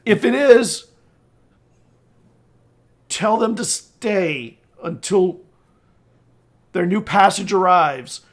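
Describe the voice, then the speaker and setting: A man voicing an irritable noble father, a lord who makes demands and bursts into shouts. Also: sits high, animated, extremely slow, long pauses, full character voice. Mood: exasperated.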